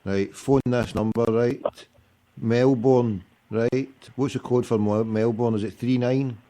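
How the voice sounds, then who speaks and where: A man's voice: medium pitch, fairly even intonation, takes it slowly, mellow. A man hosting a fan phone-in, blunt and bossy, cutting in on callers. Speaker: phone-in host.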